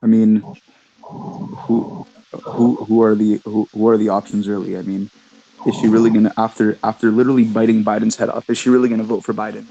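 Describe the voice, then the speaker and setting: A man doing a gruff mobster back from the dead, who joins a casual chat. The voice sits low and dark with a gravelly fry. He talks in loose, easygoing mob-guy banter. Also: flat delivery, fairly quick, lo-fi sound. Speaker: guest.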